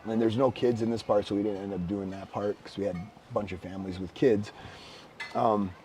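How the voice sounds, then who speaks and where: A man co-hosting a casual podcast, telling stories with bursts of excited shouting. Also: fairly low pitch, a little fast, a little hiss or hum. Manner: animated storyteller, bursts of excited shouting when retelling. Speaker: podcast co-host. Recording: slightly distant mic with faint background ambience.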